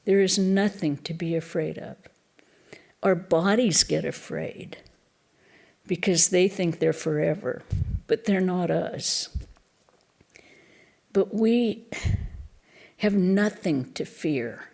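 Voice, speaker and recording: A woman, a nun, giving a reflective Easter lecture in a temple, pausing often and restarting her phrases. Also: lowish voice, gravelly, a little mellow. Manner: slow and reflective, with pauses and restarts.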